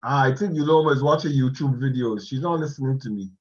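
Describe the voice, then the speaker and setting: A man giving a slow, animated motivational talk to an online class on a video call, laughing often as he speaks. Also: medium pitch, dull audio.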